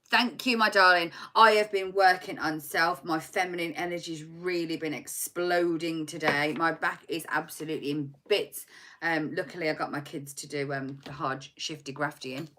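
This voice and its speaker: Sitting at her desk at home, a tarot reader in her forties chats through a loose, scattered live reading, laughing and joking at her own expense. Her lowish voice sounds pushed and bright at a moderate pace, picked up by a laptop or phone mic with slight background noise.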